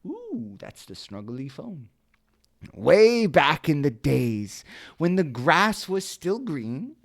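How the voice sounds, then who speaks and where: A woman reading a children's story aloud, often stopping for playful, joking asides and correcting her own stumbles over the made-up words. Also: lowish voice. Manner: playful, self-interrupting, swears then apologizes.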